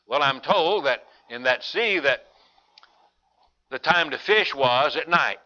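A preacher talking through scripture in a homespun, chatty way. His voice is bright and sharp and sits a touch high, and the recording sounds dull and lo-fi. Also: expressive, measured pace, pauses often. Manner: folksy, conversational, repeats and restarts phrases. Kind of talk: folksy Bible-study sermon.

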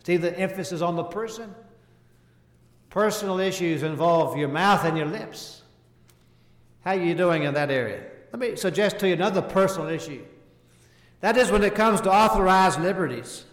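A man preaches in a fairly high voice. He reads the old scripture slowly with emphasis and asks his listeners questions. The sound rings out in a large hall with a long echo. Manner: slow emphatic scripture reading, rhetorical questions. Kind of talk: sermon. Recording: echoey hall.

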